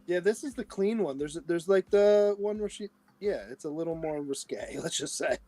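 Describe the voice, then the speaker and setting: A man's voice: high-pitched, moderate pace, warm tone, no echo. A man co-hosting a casual comic book podcast, laid-back, chiming in with short remarks. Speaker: podcast co-host.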